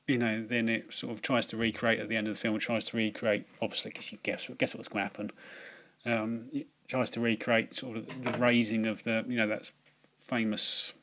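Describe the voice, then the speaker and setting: A man's voice: fairly low pitch, pushed and bright. Man, casual film review, hesitant, lots of ums and restarts, sweary.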